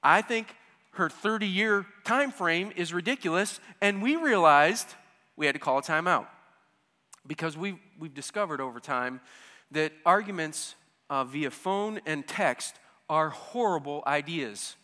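Animated older man telling a story in a hall. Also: a little high, unhurried. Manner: animated, swings between hushed asides and loud excited bursts. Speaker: storyteller speaking to an audience. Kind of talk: humorous personal storytelling. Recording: hall with long reverb.

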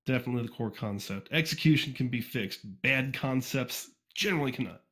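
A man's voice: medium pitch, brisk, a bit bright. A man guest on a casual podcast, a fan fiction reviewer who rambles and jokes at his own expense. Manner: rambling, self-deprecating, lots of fillers and restarts. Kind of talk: casual interview.

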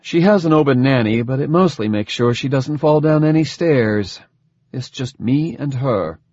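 A man voicing a gentle scientist father who explains things calmly and quickly. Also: mid-range voice, no echo, lo-fi sound, voice pushed up, lightly acted. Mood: explaining.

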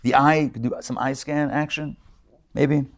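A man's voice: medium pitch, fairly even intonation, moderate pace, a little hiss or hum. A man, a rabbi, giving a live class lecture to an in-person and online group in a conversational way, with jokes and asides to his listeners. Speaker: rabbi teaching a weekly class.

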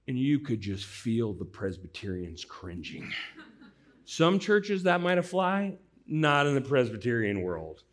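A man's voice: medium pitch, big pitch swings, measured pace. A man from the US Midwest, a pastor, preaching an earnest sermon and telling stories conversationally. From St. Louis, US Midwest. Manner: earnest, conversational storyteller, swinging from loud to hushed.

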